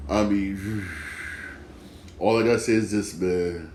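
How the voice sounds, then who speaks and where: A man's voice: sits low, takes it slowly, darkish tone, reverberant, slight background noise. A man hosting a sports talk show, rambling in a casual rant full of repeated filler words and mocking rival fans.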